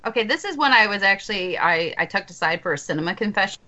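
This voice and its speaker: A woman's voice: medium pitch, lively intonation, fast talker, pushed and bright, highs cut off. A woman in her thirties chatting candidly as a podcast co-host, joking and restarting her sentences. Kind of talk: casual podcast chat.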